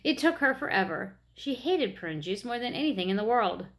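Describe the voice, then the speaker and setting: A woman reading a children's chapter book aloud, with expressive narration. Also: a little high, moderate pace. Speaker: reader.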